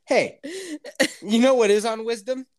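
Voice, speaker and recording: A man's voice: very high-pitched, steady tone, measured pace, darkish tone, a little hiss or hum. A man hosting a podcast, telling a crude story in a casual, laughing way and acting out other people's lines. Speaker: podcast host.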